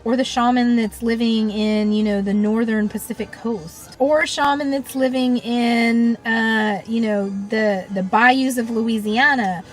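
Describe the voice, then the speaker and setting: A woman's voice: a little high, fairly even intonation, unhurried, hardly any pauses, soft background music, rough recording. A woman with an earnest, thoughtful manner, speaking in a reflective monologue and often leaning on "you know" and "um". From United States. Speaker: shamanic practitioner and teacher.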